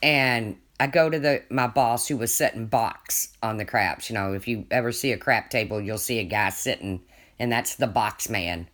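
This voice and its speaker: Livestreamer, casual chat, rambling storyteller, frequent restarts, mid pitch. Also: moderate pace, a bit bright. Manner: chatty, rambling, restarts often, laughs at own stories.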